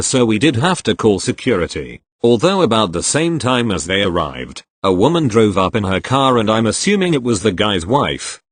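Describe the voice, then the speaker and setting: A man reading posts aloud in an expressive storytelling way. His voice is fairly low and moves a lot in pitch. The recording is dry and close, with no room sound. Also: dry recording. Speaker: story reader.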